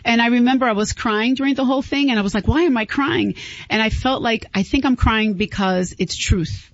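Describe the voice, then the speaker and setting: A woman's voice: a little high, fairly even intonation, fairly quick, dry recording. A woman talks through her story as an interview guest, earnest and heartfelt, often stumbling and restarting mid-sentence. Her voice is dry and close, with a dull, lo-fi broadcast quality. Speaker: guest author. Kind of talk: candid interview talk.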